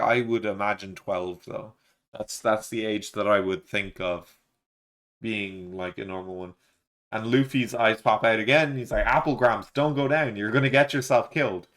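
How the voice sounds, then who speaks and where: A man's voice: medium pitch, fairly bright tone. A man hosting a live manga reaction, reading panels aloud in a loose, filler-heavy way and quoting characters offhandedly. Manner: reads panels aloud with offhand quoted lines, many fillers. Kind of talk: casual live read-along reaction.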